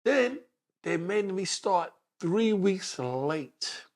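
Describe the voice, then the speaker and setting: A sixty-something detective from New York City, with the accent to match, walks an interviewer through his life story and brings its characters to life by imitating them. His voice sits high and he draws out his words.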